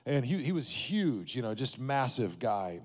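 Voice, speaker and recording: Man pastor, conversational sermon storytelling, mid-pitched voice, long hall reverb. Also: very animated, unhurried. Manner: conversational, checks in with the audience often.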